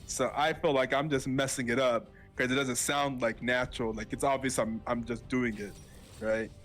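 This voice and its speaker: Male shoutcaster, mid-pitched, loose and chatty delivery. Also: steady tone, moderate pace, faint music behind. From southern United States. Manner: rambling and chatty, with frequent fillers and self-corrections. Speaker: esports shoutcaster. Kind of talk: casual live esports commentary.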